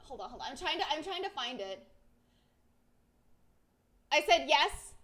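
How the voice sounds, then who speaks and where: A young woman streamer chatting casually and telling a rambling, excitable story, her voice swinging between loud and soft. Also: high-pitched, unhurried. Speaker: VTuber streamer.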